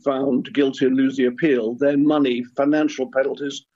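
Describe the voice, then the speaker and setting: A man's voice: mid-range voice, level tone, moderate pace, mellow, breathy edge, highs cut off. An older man, a former football club chairman, speaking hesitantly and earnestly as a radio interview guest, often repeating words.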